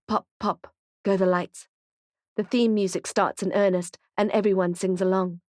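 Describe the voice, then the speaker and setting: A woman narrating a thriller audiobook in a tense, steady, present-tense storytelling voice. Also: medium pitch, no echo, clean studio sound.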